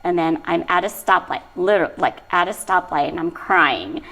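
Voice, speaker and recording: A woman's voice: on the low side, normal speed, vocal fry, low-quality recording. A middle-aged woman, a style coordinator, telling stories in a casual interview and laughing often. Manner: lively storyteller, laughs often.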